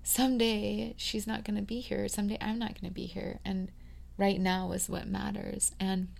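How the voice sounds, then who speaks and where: Woman podcaster, thirties, gravelly fry in her voice, confiding rambling monologue, lots of fillers, hushed then loud. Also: mid-range voice, level tone, moderate pace. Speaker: podcast host. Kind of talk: reflective personal monologue.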